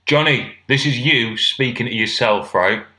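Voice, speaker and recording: A man's voice: mid-range voice, measured pace, sharp tone, reverberant, rough recording. A British man co-hosting and editing a podcast, teasing and swearing casually. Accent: British English. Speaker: podcast co-host and editor. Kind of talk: casual chat.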